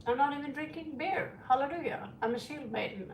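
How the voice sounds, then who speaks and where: A woman's voice: high-pitched, fairly quick, recorded from a distance, slight background noise. A middle-aged woman reading tarot and chatting casually on a stream, rambling and frank, calling her listeners sweetie. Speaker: tarot reader. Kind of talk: casual livestream chat. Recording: roomy echo, away from the mic.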